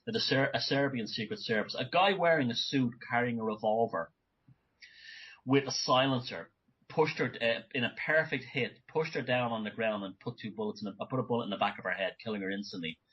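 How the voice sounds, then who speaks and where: A man speaking as a guest in an interview, animated and talking in bursts with frequent restarts. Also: mid-range voice, brisk, breathy edge. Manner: animated, many restarts and asides. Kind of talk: conversational interview. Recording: dull lo-fi audio.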